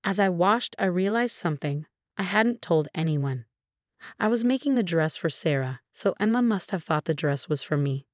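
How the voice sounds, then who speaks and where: Lowish dry female story narrator. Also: lively intonation, normal speed, no echo. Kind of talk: scripted first-person story narration.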